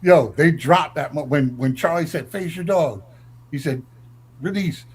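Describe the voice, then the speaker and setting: Brash guy from up north telling stories, kinda high voice, super raspy. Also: a little slow. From northern United States. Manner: brash, swaggering, acts out quotes in raised voice. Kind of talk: profane storytelling.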